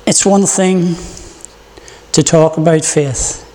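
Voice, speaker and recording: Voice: mid-range voice, steady tone, takes it slowly, dark tone, in a large hall. A preacher opening with prayer, then delivering an earnest morning sermon with stories.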